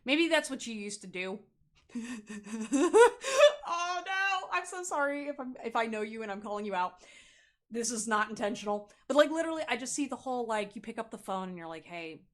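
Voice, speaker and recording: Blunt, animated young woman tarot reader. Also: on the high side, fairly quick. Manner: blunt, swears, laughs often, acts out quotes. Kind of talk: casual pick-a-card tarot reading.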